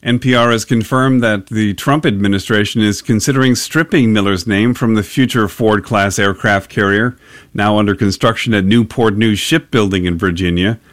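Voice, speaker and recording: A man reporter narrating a scripted radio news report in a measured way. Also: on the low side, fairly even intonation.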